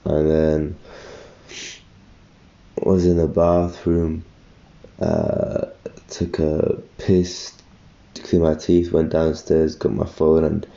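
A man's voice: very deep voice, vocal fry, warm tone, lo-fi sound. A young man just out of bed, rambling and correcting himself in a casual solo podcast. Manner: rambling, self-correcting, thinking aloud. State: just woken up, tired.

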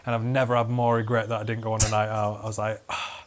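A man's voice: fairly low pitch, level tone, racing, slight background noise. A man, a podcast host telling a rambling story, swearing and laughing as he goes. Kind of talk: casual storytelling chat.

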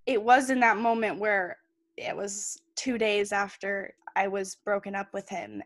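A woman's voice: mid-range voice, fairly even intonation, a little slow, no room sound. A young woman, a podcast guest, earnestly recounting a personal story in candid, plain words.

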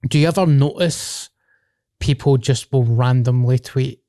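A young Glaswegian man hosts a casual podcast, rambling, laughing, and swearing through his banter. His voice is warm and medium-pitched, and he talks at an unhurried pace. The sound is clean studio audio with no room sound.

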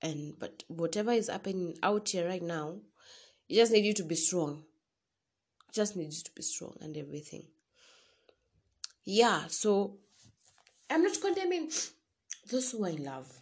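A woman's voice: medium pitch, sing-song, normal speed, long pauses, husky. A young Kenyan woman giving a casual motivational talk to her listeners, preaching and calling them sis. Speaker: vlogger.

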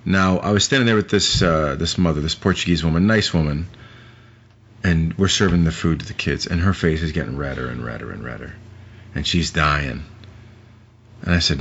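Deep-voiced man rambling on a lo-fi podcast. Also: gravelly, a bit bright, breathy edge. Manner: rambling and profane, with drawn-out asides. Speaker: podcast co-host. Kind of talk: casual movie-review chat. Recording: muffled lo-fi recording with faint hiss.

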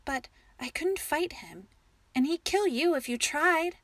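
A woman's voice: high-pitched, lively intonation, unhurried, fairly bright tone, no room sound, voice pushed up. A woman voicing a frightened young wife who insists on her fears in an audiobook story. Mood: tense. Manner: fearful and insistent.

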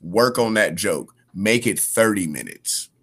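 Low-voiced man telling a story. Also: a little slow, slightly rough. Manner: animated storyteller acting out quoted dialogue. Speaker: guest comedian. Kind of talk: casual podcast chat, telling a story.

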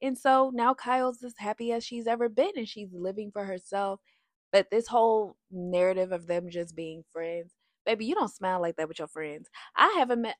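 Woman, casual opinionated recap, sassy and animated, mid pitch, dry sound. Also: no room sound. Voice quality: animated, sassy, breaks into sung lines. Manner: chatty, addresses viewers as y'all. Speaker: reality TV recap host.

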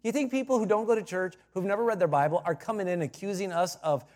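A high-pitched male pastor preaches in a church, and his voice rings with a long reverb. He drops to quiet asides, then builds to loud emphatic points and repeats key phrases for effect. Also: quick pace. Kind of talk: sermon. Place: church sanctuary.

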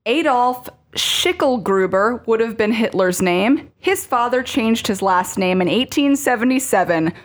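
A woman co-hosting a casual podcast, dropping in wry, teasing comments. Her voice is somewhat higher than average. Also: lively intonation, a little slow, few pauses. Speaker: podcast co-host. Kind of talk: casual chat.

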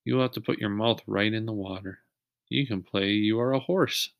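A man reading the lines of a calm, responsible older boy in a children's story, slightly lifted and reassuring. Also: on the low side, moderate pace, gravelly, no room sound, studio quality. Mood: steady.

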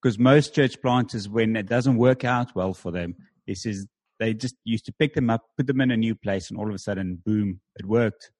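Guy with a husky voice chatting about his move, lots of ums and likes, dry close sound. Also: on the low side, normal speed, no echo. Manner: animated anecdotes with filler words. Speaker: church planter guest. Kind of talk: conversational storytelling.

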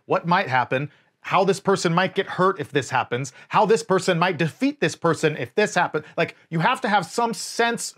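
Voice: medium pitch, fairly bright tone. A podcast co-host in casual film review chat, agreeing and adding sarcastic, profane jabs, sometimes losing the thread mid-thought.

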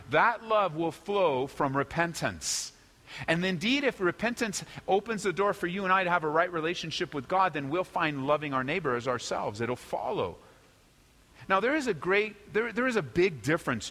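A middle-aged man preaching a sermon as pastor, emphatic and lively, acting out quoted apologies. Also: a little high, big-room sound.

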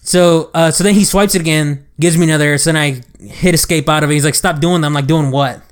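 Animated young man telling a story. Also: on the high side, quick pace. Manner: animated retelling with quoted dialogue. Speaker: podcast co-host. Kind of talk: casual chat, storytelling.

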